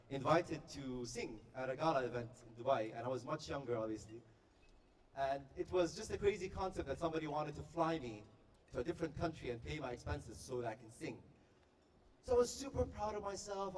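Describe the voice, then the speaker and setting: A man originally from Korea performs stand-up comedy, telling animated stories to a live crowd. His voice sits a little high for a man. It is picked up from some distance off, with a faint hiss underneath. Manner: animated storytelling with high put-on voices for quoted people. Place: live event hall with audience. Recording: distant stage mic with faint noise.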